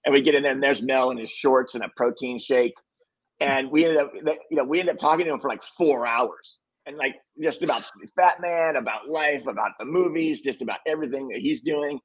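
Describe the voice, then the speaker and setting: A film director telling animated, quote-filled stories in a casual interview. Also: male voice, mid-range voice, fairly quick, husky, poor audio. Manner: animated storyteller acting out quotes.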